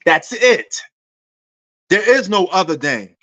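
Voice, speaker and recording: Loud passionate New man. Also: high-pitched, lively intonation, moderate pace. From New York. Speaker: sports talk show host. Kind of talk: livestream sports debate answering chat. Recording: dull lo-fi stream audio.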